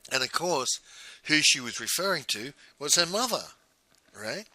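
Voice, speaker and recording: A man's voice: mid-range voice, bright, forceful tone, no room sound, low-quality recording. A middle-aged man, a business coach giving a blunt recorded teaching monologue and ending his points with "right?".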